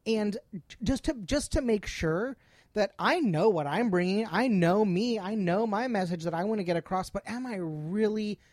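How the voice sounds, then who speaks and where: A woman's voice: mid-range voice, moderate pace, a little mellow, no room sound. A woman speaking on a podcast in an earnest, emphatic way, often repeating herself. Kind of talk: casual podcast chat.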